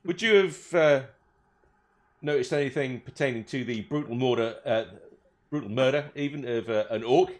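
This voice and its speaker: A man's voice: medium pitch, normal speed, pitched below the performer's own voice, lightly acted. A man voicing a male elf detective who politely questions people, hesitating and umming. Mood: officious.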